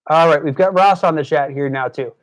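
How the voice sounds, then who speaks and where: Fast-talking young man tutoring live. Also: on the high side. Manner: chatty, many fillers and restarts; scolding, exasperated at trolls in chat. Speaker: GED tutor streaming live. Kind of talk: live-streamed lesson, casual talk to chat. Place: indoors at his desk by a screen.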